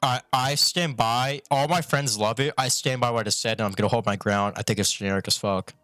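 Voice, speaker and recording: A man's voice: medium pitch, brisk, a bit bright, no room sound, clean studio sound. A male streamer ranting bluntly and profanely in a rambling casual way, talking with a retainer in his mouth. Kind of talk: casual opinion rant.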